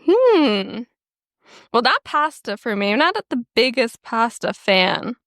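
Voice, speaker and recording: A woman's voice: on the high side, sing-song, takes it slowly, fairly bright tone, no echo. Hesitant young woman musing aloud. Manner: hesitant, musing, dry humor. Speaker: podcast co-host. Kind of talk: casual chat.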